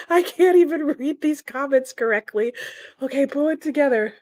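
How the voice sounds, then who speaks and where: Her voice sits high with a darkish tone, at normal speed, recorded dry. She's a livestream host chatting casually and reading out viewer comments, sleepy still, giggling and stumbling as she speaks.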